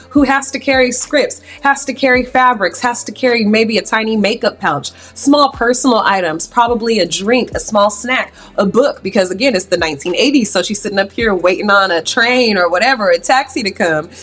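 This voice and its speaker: A woman's voice: mid-range voice, a bit bright. A woman vlogger telling a story in a slangy, playful, casual way.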